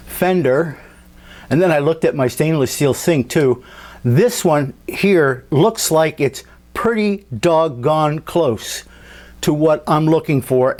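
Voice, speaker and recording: A man talking casually about his scale model at a home workbench, unhurried and thinking aloud with fillers and restarts. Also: a little high, a little mellow. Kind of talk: casual hobby workshop walkthrough.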